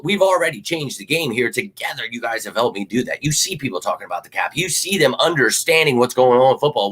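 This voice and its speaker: A young man rambles through a casual livestream as a fan channel host, his voice sitting at an ordinary middle pitch. He talks loosely with plenty of fillers and restarts, then flares up into hyped, shouted bursts. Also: slightly rough.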